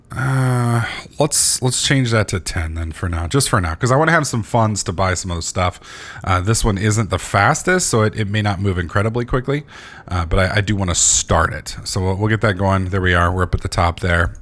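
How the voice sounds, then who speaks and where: A man's voice: fairly low pitch, normal speed, a bit bright. A man hosting a gaming channel, giving casual gameplay commentary while sleepy, rambling with lots of fillers and restarts and swearing freely.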